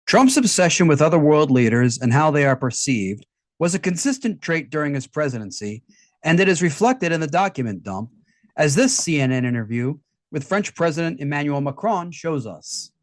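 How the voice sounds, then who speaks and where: A man's voice: a little high, expressive, normal speed, no room sound, studio quality. A man hosting a satirical news show, reading scripted setups and adding jokey asides. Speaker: show host.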